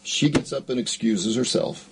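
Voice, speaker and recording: A male interview guest who tells stories in an earnest, measured way. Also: medium pitch, slightly rough, rough recording. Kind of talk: storytelling interview.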